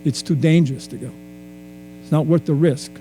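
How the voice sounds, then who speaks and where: Male speaker on stage, warm dark tone, reflective storyteller who restarts often. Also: on the high side, normal speed, a little hiss or hum, rough recording. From Hawaii. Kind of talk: storytelling lecture.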